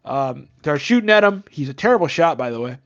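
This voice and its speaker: A man's voice: a little high, animated, fairly quick. Man recapping a movie with dull lo-fi sound. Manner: rambling, profane, joking, acts out characters. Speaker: podcast co-host.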